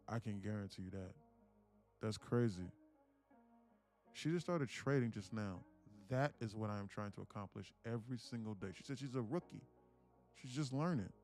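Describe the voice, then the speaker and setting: A man's voice: fairly low pitch, moderate pace, a little mellow, soft background music. A man hosting a live day-trading stream, ranting, swearing and talking motivationally to his viewers.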